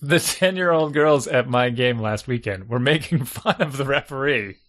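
A middle-aged man with a medium-pitched voice, talking at length in relaxed conversation. He explains his points by acting out little example lines. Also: moderate pace. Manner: talkative, explains with acted-out examples. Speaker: youth soccer coach and parent. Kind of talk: casual chat.

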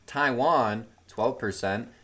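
A man's voice: mid-range voice, slow, a bit bright. A young man co-hosting a casual podcast chat, upbeat and jokey, at times reading facts aloud. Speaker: podcast co-host.

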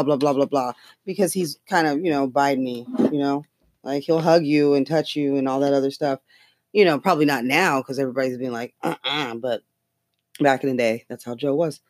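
Talking politics casually, the host drifts from point to point with frequent profanity and laughter. A mid-range voice comes through in studio quality with no room sound.

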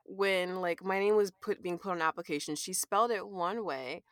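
A woman guest on a podcast telling animated stories, swearing and filling with "like". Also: lowish voice, normal speed, no echo, studio quality. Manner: animated storyteller, swears, many "like"s. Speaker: guest artist. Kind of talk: casual podcast chat.

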